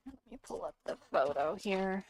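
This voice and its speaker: A woman's voice: mid-range voice, animated, moderate pace, no room sound. A woman with a congested voice chatting casually as she narrates her sculpting, searching for words and dropping into whispers now and then. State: congested, coughing. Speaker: sculpting vlogger.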